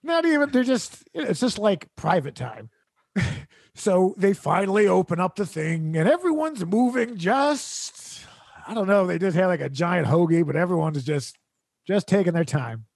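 A man's voice: high-pitched, big pitch swings, moderate pace, vocal fry, darkish tone, no echo, clean studio sound. A man hosting a comedy podcast, telling a rambling, exasperated story with laughs mixed into his sentences.

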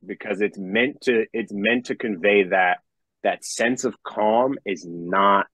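Young man, low voice, rambling casual podcast talk, swears, dry close sound. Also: slow, a bit bright, no echo. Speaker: metal musician and songwriter.

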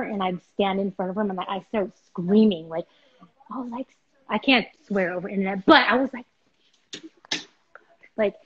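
A young woman hosting a live stream, chatting casually and telling a story with lively, acted-out voices. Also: medium pitch, slightly rough. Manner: animated storytelling, acts out voices. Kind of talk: casual chat. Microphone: video call. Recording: dull lo-fi live stream audio.

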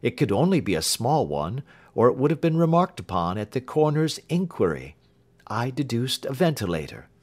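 A man reading an audiobook who voices a keen, confident Victorian male detective, raising his voice and explaining briskly. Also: medium pitch, pitched above the performer's own voice. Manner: brisk, lively, lecturing.

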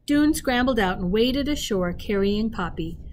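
A woman teacher reading a children's novel aloud expressively, pausing to speak directly to her listeners. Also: mid-range voice, slight background noise. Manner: expressive, pauses to talk to listeners.

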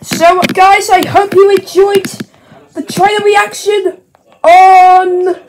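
A woman hosting a casual toy reaction video, chatting excitedly and talking to her toys. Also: extremely high pitch, slow, low-quality recording. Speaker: toy-play channel host. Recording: loud background hiss and clicks.

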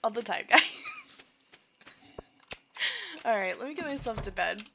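Animated young woman narrating gameplay. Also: a little high, unhurried, gravelly, a little hiss or hum. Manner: animated, self-deprecating, laughs a lot. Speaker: gaming video creator. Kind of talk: casual gameplay commentary. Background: keyboard clicks and typing.

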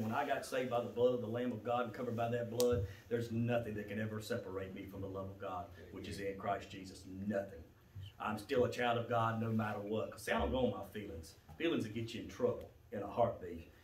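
A male pastor preaching a sermon, swinging from low, quiet passages to loud shouted ones. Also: fairly even intonation, brisk, a little hiss or hum. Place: church sanctuary. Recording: echoey church sanctuary, mic at a distance.

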